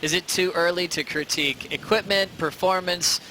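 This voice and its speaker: A man's voice: sits high, steady tone, normal speed, sharp tone, a little hiss or hum, poor audio. A man hosting a post-show sports broadcast, polished and steering the talk with questions to his analysts. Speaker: host.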